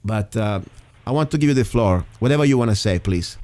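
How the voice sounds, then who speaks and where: A man's voice: lowish voice, lively intonation, fairly quick, warm tone. A man hosting a small local show, talking in a frustrated, indignant rant. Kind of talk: heated talk-show monologue.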